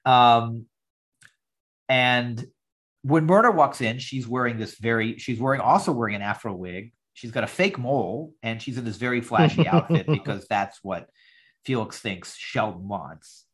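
A man hosting a podcast over a video call, recapping an old sitcom episode in a measured way and reading its lines aloud. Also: medium pitch, lively intonation. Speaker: podcast host. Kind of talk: casual chat recapping an episode.

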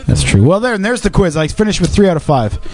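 Fast-talking, cheeky podcast co-host man. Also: high voice, big pitch swings, darkish tone, soft background music. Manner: quick, cheeky, sweary, teasing. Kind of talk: casual podcast banter.

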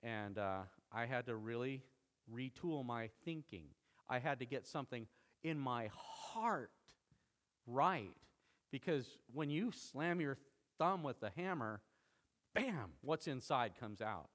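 A man's voice: mid-range voice, animated, slow, fairly bright tone. A middle-aged male pastor preaching a sermon, emphatic, with dramatic quoted lines.

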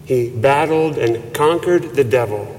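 A man preaching a sermon as a priest, slow and measured with reverent emphasis. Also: medium pitch, darkish tone, a little hiss or hum. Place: church. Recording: long church reverb.

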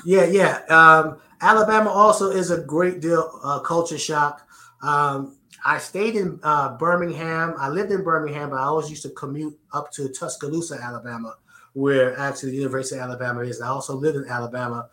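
A man's voice: a little high, fairly even intonation, a little fast, pushed and bright, echoey room. A man with a New York accent, answering interview questions earnestly and often repeating words as he finds his phrasing. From the Bronx, New York. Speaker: guest.

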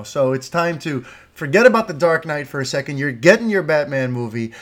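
A man's voice: medium pitch, big pitch swings, normal speed, hardly any pauses. A young man hosting a solo podcast, talking passionately and rambling through tangents and listener questions. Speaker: podcast host.

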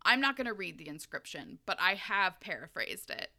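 Bright-voiced woman chatting casually. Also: medium pitch, big pitch swings, normal speed. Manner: chatty, profane, filler-heavy, giggly. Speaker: podcast host recapping a book. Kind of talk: casual chat.

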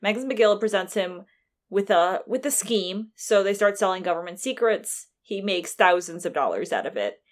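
A woman chatting casually, recapping a story game with quick, animated acted-out lines and frequent laughter. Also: mid-range voice. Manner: animated, laughing, acts out characters in quick voices. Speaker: podcast co-host recapping a game. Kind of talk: casual chat.

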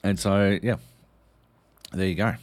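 A man co-hosting a podcast, telling stories in animated casual chat and swearing often. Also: sits low, a little slow. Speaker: podcast co-host.

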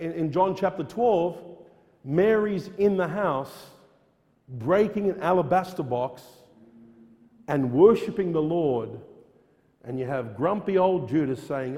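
Earnest preacher with a high, mellow voice. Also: male voice, expressive, unhurried, big-room sound, lo-fi sound. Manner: earnest, repeats phrases for emphasis, with frequent restarts; quotes King James scripture aloud. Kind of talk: sermon.

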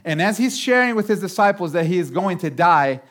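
Animated high-voiced male pastor. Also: a little fast. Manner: animated, jumps high for emphasis. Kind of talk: sermon.

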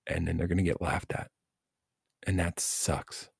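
A man's voice: sits low, a little slow, creaky, husky, no echo, studio quality. A man giving blunt, profane coaching advice in a casual rant, speaking as a youth baseball coach and parent. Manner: blunt, profane, animated venting.

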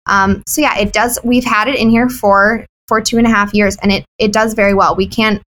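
Fast-talking candid woman in an interview. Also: medium pitch, low-quality recording. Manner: animated, candid, chatty with frequent "like" fillers. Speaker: wellness business owner, guest. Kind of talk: casual interview chat.

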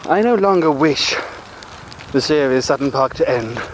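Man voicing a pompous, scheming controller for an audio drama; measured and formal, light noise. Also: medium pitch, animated, close to an everyday voice, rough recording. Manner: formal, measured, self-important. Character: cold, scheming male controller.

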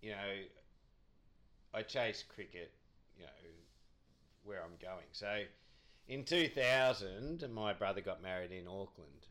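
A man's voice: fairly low pitch, slow, long pauses, fairly bright tone. A man, a podcast guest telling cricket anecdotes in a rambling, chatty way, laughing often.

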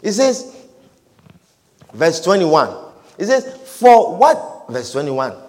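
A man's voice: fairly high pitch, slow pace. Man, preacher, sermon, repeats himself, hallelujahs, echoing church hall. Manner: animated, repetitive, calls of hallelujah and amen.

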